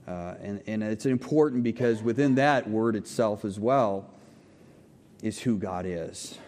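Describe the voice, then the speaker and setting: A man preaches a teaching sermon in a conversational way, putting questions to the congregation and frequently saying okay to check in. The pastor's voice is on the low side, a little slow and a little mellow, with long hall reverb around it.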